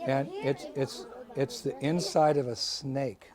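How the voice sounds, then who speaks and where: A man voicing a blunt, matter-of-fact jungle witch doctor in a slow, low, hushed way. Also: steady tone, a loud crowd, very noisy, close to an everyday voice.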